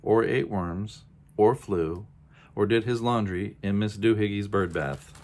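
A man's voice: fairly low pitch, moderate pace, darkish tone. A man doing a bossy, scolding mother cat. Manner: lecturing, insistent.

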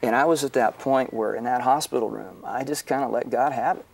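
A middle-aged man of ordinary pitch tells a painful family story as a pastor. He is earnest and halting, often restarting his sentences. He sits a bit back from the microphone. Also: creaky, far from the mic. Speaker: pastor, guest author. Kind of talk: emotional personal testimony.

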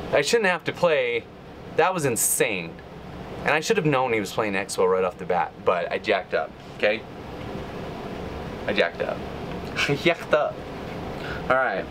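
Gaming guy ranting while he plays, swings from yelps to grumbling, some noise behind him. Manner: frustrated ranting, jumps from pitch spikes to low mutters. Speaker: gaming channel host. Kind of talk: live gameplay commentary.

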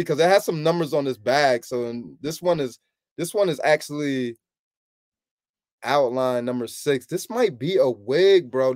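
A man hosting a sneaker channel, chatting casually with his viewers in animated slangy banter and laughing often. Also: on the high side, no echo, clean studio sound. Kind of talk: casual streaming chat.

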